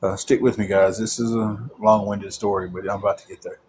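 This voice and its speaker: A man's voice: lowish voice, flat delivery, brisk, darkish tone, slight background noise. A man telling a long personal story about his faith, rambling with frequent restarts.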